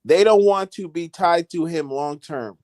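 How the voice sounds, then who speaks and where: A man on a football podcast who gives his opinion in a measured, reflective way. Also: on the high side, a little mellow, no room sound. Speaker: podcast co-host. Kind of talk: casual football chat.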